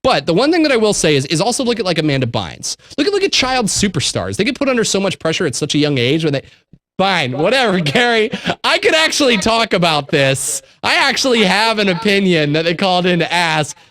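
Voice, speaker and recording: A man's voice: high voice, big pitch swings, brisk, fairly bright tone. A man co-hosting a late-night call-in show, talking casually and rambling, often repeating words as he hunts for his point. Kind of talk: casual chat.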